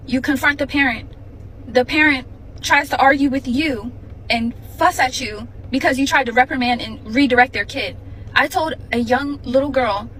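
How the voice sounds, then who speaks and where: Woman, high voice, bright, exasperated rant. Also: normal speed, a little hiss or hum, rough recording. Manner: exasperated, indignant. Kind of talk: ranting commentary.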